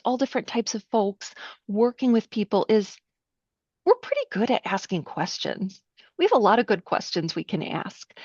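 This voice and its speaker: A middle-aged woman with a slightly high voice leads a training session as a counselor, explaining step by step and often checking in with her listeners. The sound is dull and lo-fi, with a dry, close feel. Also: no echo. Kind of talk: workshop teaching.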